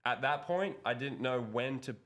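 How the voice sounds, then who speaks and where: A man's voice: medium pitch, moderate pace, fairly bright tone. A young man telling a story in a casual interview. He rambles with lots of fillers and curses. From Australia. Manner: rambling, heavy swearing, filler-laden. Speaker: guest, pro BMX rider.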